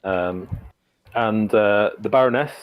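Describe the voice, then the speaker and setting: A man narrating as game master in a tabletop game, halting, with many restarts. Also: fairly low pitch, rough recording. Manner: halting, full of fillers and restarts.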